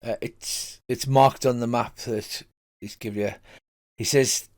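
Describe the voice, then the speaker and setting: A man's voice: mid-range voice, steady tone, slow. An older man narrating as game master, hesitant, with many fillers.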